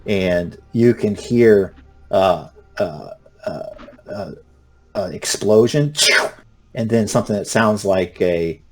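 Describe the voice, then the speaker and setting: A man's voice: fairly low pitch, takes it slowly, a little mellow, faint music behind. A man running a tabletop game as game master, narrating in a loose, rambling way with many fillers.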